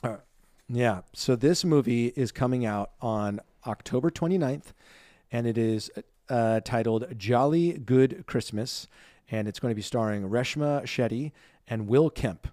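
A man's voice: medium pitch, unhurried, dark tone, no echo, studio quality. A man co-hosting a podcast in casual chat, upbeat and chatty with lots of fillers. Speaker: podcast co-host.

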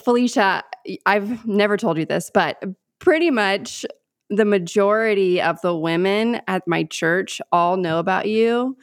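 A woman co-hosting a podcast, gushing and talking quickly with many fillers. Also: medium pitch, no room sound, clean studio sound. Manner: gushing, fast, filler-heavy. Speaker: podcast co-host. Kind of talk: casual podcast chat.

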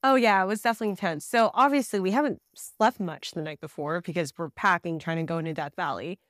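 A woman guest on a podcast, telling a trip story in a casual, animated way with fillers and bursts of laughter. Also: fairly low pitch, fast talker, no echo, clean studio sound. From Southern California.

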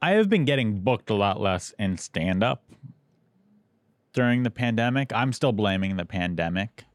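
A male podcast host with a fairly low voice talks in a playful, teasing way. His recording is dry and close-miked, with no room echo at all. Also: lively intonation, normal speed. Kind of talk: casual chat and read ad.

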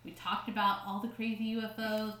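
A woman's voice: medium pitch, level tone, a little fast, echoey room, music in the background. A woman co-hosting a casual podcast, reading quotes aloud with joking asides and frequent laughs. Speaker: podcast co-host.

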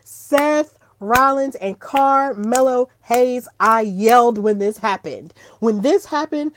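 A woman hosting her own podcast in casual solo chat, gushing and excitable, breaking into squeals when thrilled. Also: a little high, takes it slowly, a little hiss or hum. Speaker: podcast host.

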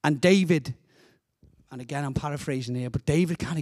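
A man's voice: fairly high pitch, fairly quick, darkish tone. A man with a Liverpool accent preaching a passionate sermon as a guest speaker, often repeating words as he builds up his points.

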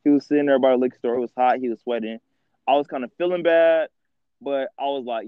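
A man's voice: medium pitch, fast, clear, resonant tone, no room sound, phone-quality sound. A man co-hosting a podcast, telling a story in casual slang and laughing as he goes. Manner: slangy, laughs through his stories. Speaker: podcast co-host.

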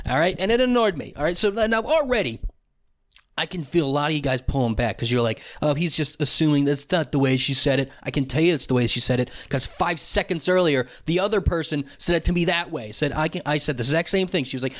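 A man's voice: fast, fairly bright tone. Rambling, profane young man host. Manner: rambling, profane, mimics others in high voices. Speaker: podcast host. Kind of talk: solo comedic rant.

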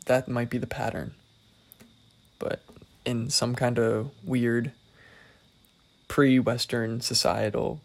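A man's voice: medium pitch, a little mellow. A young man hosting his own podcast solo, talking casually in a rambling, self-deprecating, wry way.

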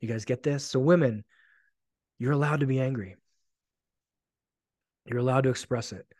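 A man's voice: mid-range voice, moderate pace, a little mellow, no room sound, studio quality. A man in his forties hosting a solo podcast, telling stories bluntly and with frequent swearing. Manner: blunt, profane, emphatic storytelling. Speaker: podcast host.

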